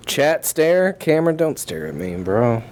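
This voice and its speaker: A male podcast co-host chats in an easygoing way and pokes fun at himself. His pitch moves lively and freely as he talks. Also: unhurried, a little hiss or hum. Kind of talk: casual chat.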